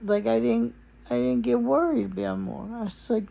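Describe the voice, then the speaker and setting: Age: adult. Sex: man. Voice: gravelly. Style: casual personal video message, earnest and rambling, slipping in Spanish. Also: very high voice, normal speed, mellow. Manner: earnest, rambling, mixes Spanish into his English. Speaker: vlogger addressing his partner.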